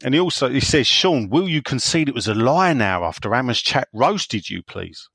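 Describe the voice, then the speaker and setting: A man's voice: medium pitch, sing-song, moderate pace, creaky, a bit bright, breathy edge, no echo. Jokey man co-hosting a chat podcast. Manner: jokey, banters and reads messages aloud. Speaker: podcast co-host reading listener questions. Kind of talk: casual chat.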